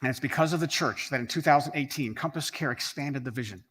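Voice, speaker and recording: A man's voice: medium pitch, quick pace, fairly bright tone, slightly rough. A man giving a scripted rally speech, earnest and emphatic, building up repeated phrases. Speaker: rally speaker.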